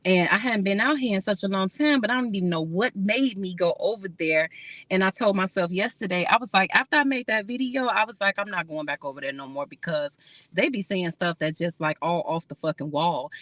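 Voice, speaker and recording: A woman talking straight to her livestream viewers in a bright, pointed voice. She is candid and rambling, swears freely and laughs often. The sound is close and dry. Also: mid-range voice, dry recording. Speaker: livestream host. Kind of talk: casual livestream chat with viewers.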